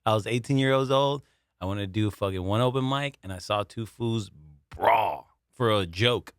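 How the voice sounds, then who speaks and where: A man's voice: fairly low pitch, a little fast, clear, resonant tone, no echo. A man co-hosting a comedy podcast, telling rambling stories with lots of laughter and swearing. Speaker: podcast co-host. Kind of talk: casual comedy podcast chat.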